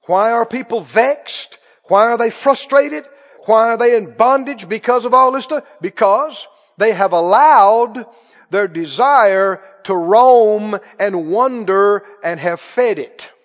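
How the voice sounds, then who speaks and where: A man's voice: sits high, takes it slowly. A man preaching a sermon with emphatic call-and-response questions to his congregation. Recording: dull, echoey hall sound.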